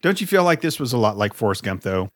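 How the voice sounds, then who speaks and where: A man's voice: fairly low pitch, sing-song, quick pace, a bit bright, no room sound, clean studio sound. A man co-hosting a casual movie-chat podcast, laid-back and chuckling, swearing casually. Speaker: podcast co-host.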